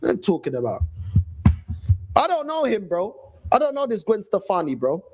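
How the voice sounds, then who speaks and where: A man with a London accent rants as a fan channel host, slangy and mocking. His voice sits high, and his pitch leaps around with animated energy. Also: normal speed, husky. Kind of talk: casual rant.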